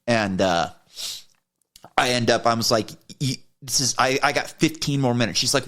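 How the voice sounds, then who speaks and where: A man co-hosting a podcast, telling a heated personal story in a casual, profane way and getting animated when he quotes himself. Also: medium pitch, moderate pace. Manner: profane, heated retelling of an argument. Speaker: podcast co-host.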